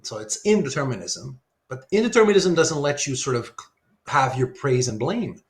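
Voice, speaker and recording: A man's voice: medium pitch, expressive, moderate pace. A man giving a live online philosophy lecture, thinking aloud with lots of rhetorical questions while he sketches diagrams.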